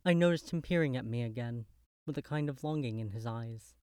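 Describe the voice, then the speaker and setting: A man's voice: mid-range voice, a little mellow, clean tone, dry recording. Man reading first-person gothic narration. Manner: measured, literary storytelling.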